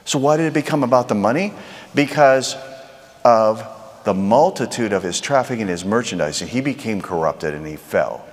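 A man's voice: mid-range voice, animated, moderate pace, long reverb tail. A man preaching a sermon in a conversational way, asking the crowd rhetorical questions.

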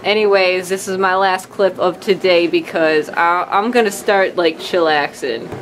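A woman's voice: fairly low pitch, steady tone, a little slow, noisy background. A woman vlogging at home in a rambling, upbeat way, using folksy slang. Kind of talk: casual chat to camera.

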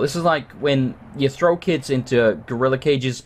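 A man's voice: a little high, fairly quick. A man hosting a let's play, talking through a game in a hyper, joking, chatty way. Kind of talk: gameplay commentary.

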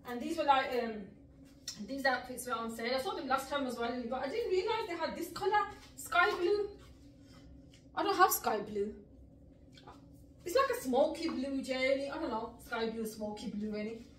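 A woman's voice: sits high, lively intonation, moderate pace, fairly bright tone, a little hiss or hum. A middle-aged woman vlogger of heritage, chatting to camera, laughing often and mixing in Punjabi words. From Mirpur, Pakistan heritage, living in the UK. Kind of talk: casual chat to camera. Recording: echoey room, mic at a distance.

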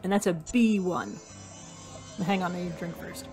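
A woman's voice: lowish voice, moderate pace, pauses often, a little mellow, husky, soft background music. A woman giving casual commentary while playing a hidden object game, reading out item lists and joking to herself. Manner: chatty, reads item lists aloud, jokes to herself. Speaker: game streamer.

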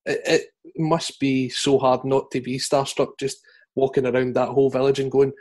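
A man's voice: medium pitch, moderate pace. Man hosting a podcast interview. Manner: relaxed interviewer, steady questions, frequent murmured agreement. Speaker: podcast host.

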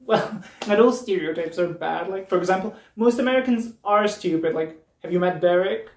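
A man's voice: high-pitched, normal speed. A drag performer from Serbia, a man, delivering a biting comedy roast with mocking punchlines and laughs, recorded on a distant mic. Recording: roomy, distant mic with faint noise.

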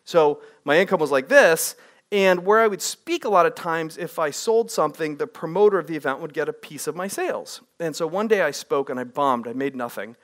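High-voiced energetic male workshop speaker. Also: brisk. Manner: energetic, asks the audience questions. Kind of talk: live workshop presentation. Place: room with a live audience.

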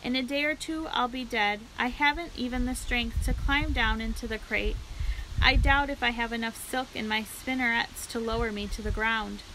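A woman voicing a wise, calm female spider who speaks in a low, measured way, for a storybook read-aloud. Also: a little hiss or hum, poor audio.

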